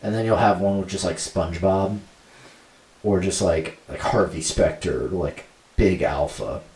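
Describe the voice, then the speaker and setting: A man's voice: low-pitched, measured pace, a little mellow, far from the mic. A young man co-hosting a podcast in casual chat, rambling with lots of fillers and laughing easily. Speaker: podcast co-host. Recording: roomy sound from off mic.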